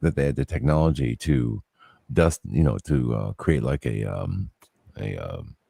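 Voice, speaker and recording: A man's voice: very deep voice, sing-song, unhurried, creaky, dark tone, breathy edge, no room sound, clean studio sound. A man co-hosting a podcast, rambling through a theory with many fillers and restarts. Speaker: podcast co-host. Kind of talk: casual chat.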